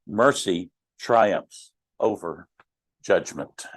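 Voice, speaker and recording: A man's voice: low-pitched, animated, very slow, dry recording. A middle-aged man teaching a Bible class in a conversational way, asking the class questions and joking with them. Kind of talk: interactive Bible study teaching.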